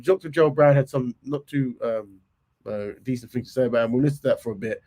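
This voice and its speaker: A man, hoarse from a cold, talks his way through a livestream with an average-pitched voice. He chats loosely, mutters asides and lets his sentences trail off. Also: fast talker, warm tone. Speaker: livestream host. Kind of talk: casual live commentary.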